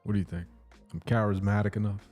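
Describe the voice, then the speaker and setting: A man in his fifties chatting casually on a livestream, playful and laughing often, sometimes dropping into a low put-on DJ voice. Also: steady tone, quick pace, a little mellow, soft background music. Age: 50s. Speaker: livestreaming artist.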